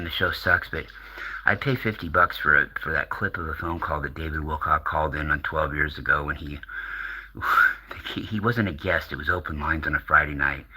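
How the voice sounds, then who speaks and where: A man's voice: a bass voice, sharp tone, husky, rough recording. A middle-aged American man rambling casually as a channel host, swearing and laughing often.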